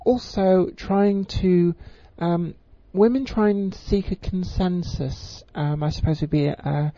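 Muffled woman, crisp, mellow. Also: fairly low pitch, takes it slowly, no room sound. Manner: crisp, careful enunciation; rambling, with frequent ums. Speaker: voice coach. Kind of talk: informal spoken tutorial. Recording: slightly muffled lo-fi recording.

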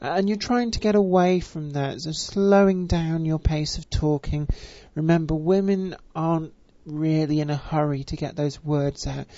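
A voice coach, speaking with deliberately stretched vowels and a careful, refined pronunciation, with frequent fillers. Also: female voice, low voice, steady tone, dark tone, no echo. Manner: measured, elongated vowels, many fillers. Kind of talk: spoken voice lesson. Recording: dull, dry recording.

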